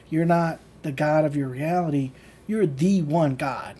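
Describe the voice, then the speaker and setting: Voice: medium pitch, unhurried, dark tone, a little hiss or hum. Blunt, profane livestream ranter. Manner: loose and conversational, full of "like" fillers; laughs between points. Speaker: channel host teaching manifestation. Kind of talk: casual livestream rant.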